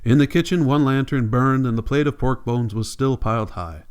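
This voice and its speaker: A man narrating an audiobook in a calm, even storytelling voice. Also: medium pitch, normal speed, clean tone. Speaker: audiobook reader.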